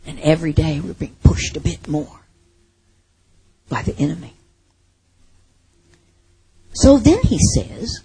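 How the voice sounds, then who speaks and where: A woman preaching a sermon, telling a Bible story with lively acted-out asides. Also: low voice, takes it slowly, pauses often, husky, rough recording.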